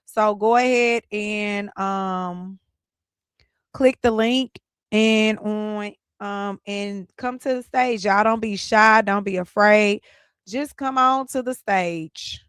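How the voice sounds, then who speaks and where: A woman's voice: mid-range voice, slow, fairly bright tone, clean tone, dry recording, studio quality. A woman hosting a live call-in stream, inviting viewers to join and repeating her instructions in an upbeat, chatty way. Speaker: livestream host.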